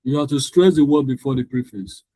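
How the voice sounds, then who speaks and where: A man's voice: mid-range voice, a little fast, mellow, no room sound, rough recording. A male English tutor teaching an online class over a video call. He is patient and repeats each rule for his students.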